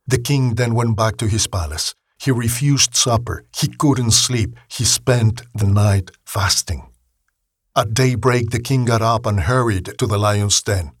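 Man, husky, slow measured Bible storytelling, dry. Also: mid-range voice, no room sound. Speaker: narrator. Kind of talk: scripted Bible story narration.

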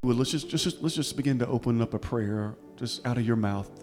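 A man serving as pastor, gently inviting the congregation up and leading a repetitive, earnest prayer. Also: medium pitch, brisk, soft background music.

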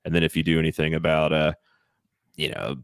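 A man's voice: a bass voice, flat delivery, brisk, smooth, dry recording. A young American man co-hosting a podcast, chatting casually and animatedly, swearing and laughing often. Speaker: podcast co-host.

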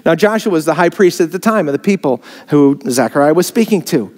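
A man's voice: on the high side, lively intonation, brisk, hardly any pauses, darkish tone. A man preaching a sermon, filmed on camera, rising in emphasis on key phrases. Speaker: pastor. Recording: long hall reverb.

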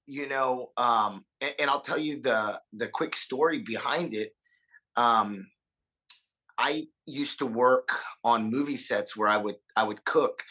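A man from Austin, Texas, a punk singer, talks earnestly as a guest in a casual podcast conversation, swearing freely and often repeating and restarting words. His medium-pitched voice sounds pushed and bright, and the audio quality is poor.

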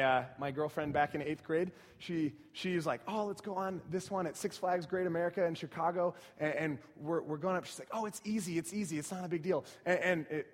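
A young man preaching a sermon, moving from soft, reflective asides to loud, excited storytelling. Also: a little high. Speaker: pastor. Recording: long hall reverb.

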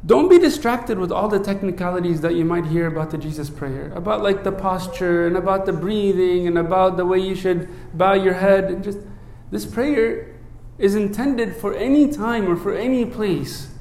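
A man who is a priest, preaching a sermon in an earnest way, often checking in with "right?" and dropping low and soft when he recites a prayer. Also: normal speed, hardly any pauses, roomy sound. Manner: earnest, asks many rhetorical "right?" checks.

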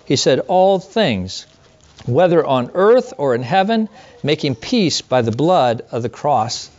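A man's voice: mid-range voice, big pitch swings, measured pace, darkish tone, highs cut off. A middle-aged man, a pastor, preaching a sermon in an earnest, conversational way with rhetorical questions.

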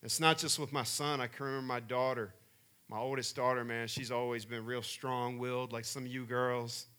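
A middle-aged man preaching a sermon, telling personal family stories and building to loud emphatic peaks. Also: medium pitch, moderate pace, clean tone. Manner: animated storyteller, rising to loud emphatic peaks. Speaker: pastor.

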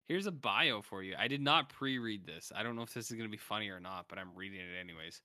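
A man's voice: lowish voice, expressive, fast, few pauses, pushed and bright, no echo, studio quality. A man co-hosting a casual comedic chat, wryly reading out reviews and teasing his co-host. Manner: wry, teasing, drifts into joke voices. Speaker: podcast co-host.

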